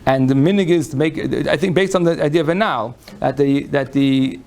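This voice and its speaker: A man's voice: a little high, brisk, darkish tone. A man lecturing on Jewish law to a live audience, folksy and conversational, often restarting his phrases. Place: lecture room before an audience.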